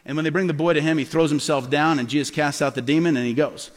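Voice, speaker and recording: A middle-aged man with a notably high voice preaches a storytelling sermon. He acts out the people he quotes with lively shifts. His voice rings with a long hall reverb. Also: fast talker. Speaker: pastor.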